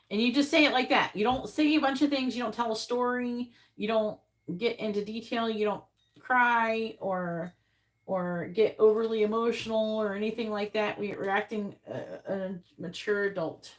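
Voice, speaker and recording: On a live stream, a woman gives a casual tarot reading, blunt and chatty, swearing and repeating her questions to the cards. Her voice is on the high side with a steady tone at normal speed, and the audio is poor.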